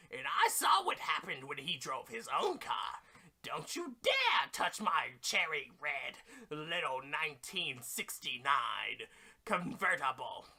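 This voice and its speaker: A man voicing a cranky old male guardian who shouts and nags, on a game stream. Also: sits high, vocal fry, husky, full character voice. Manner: shouting, scolding, nagging.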